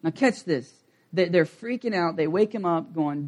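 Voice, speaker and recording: A middle-aged male pastor preaching a sermon, dramatic, swinging from loud acted outbursts to quiet intensity. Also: fairly high pitch, expressive, normal speed.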